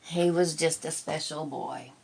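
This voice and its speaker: An older woman speaks slowly and tenderly in a reflective personal vlog. Her low voice has a gravelly edge, and her talk wanders with pauses. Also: slight background noise. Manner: gentle, tender, rambling with pauses. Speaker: vlog host.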